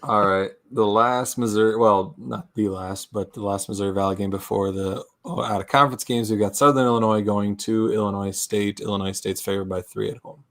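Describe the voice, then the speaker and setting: Low-voiced man leading the picks segment. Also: fairly even intonation, fairly bright tone. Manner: runs the segment, brisk. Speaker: podcast host. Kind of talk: casual sports banter.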